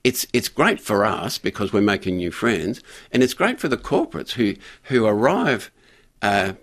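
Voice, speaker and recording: An older man telling a story in a radio interview, halting with frequent restarts and fillers. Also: on the low side, sing-song, a bit bright. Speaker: guest, community pastor.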